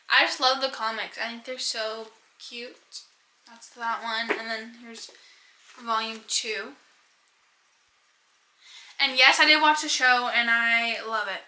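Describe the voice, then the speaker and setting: A woman's voice: fairly high pitch, steady tone, takes it slowly, long pauses, pushed and bright, reverberant, slight background noise, low-quality recording. A young woman chatting casually about books on a vlog, rambling and giggling as she goes. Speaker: book vlogger. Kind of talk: casual chat.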